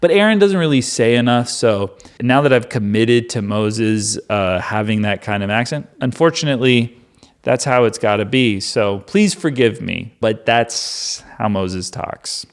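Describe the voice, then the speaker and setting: A man's voice: medium pitch, animated, unhurried, smooth. A man reading the Bible aloud and musing over it in casual commentary, wondering aloud and saying "like" a lot. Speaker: Bible reader and host.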